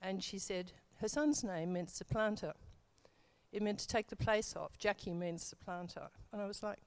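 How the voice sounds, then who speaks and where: A woman's voice: mid-range voice, moderate pace. A middle-aged woman telling her church testimony in a casual, rambling way, full of fillers and self-corrections.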